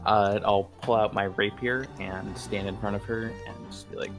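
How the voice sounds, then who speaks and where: Low-voiced man player. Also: steady tone, moderate pace, faint music behind. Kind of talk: casual game chat.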